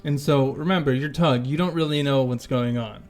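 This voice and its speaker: A man's voice: medium pitch, normal speed, soft background music. A man narrating as game master, describing scenes and prompting players casually.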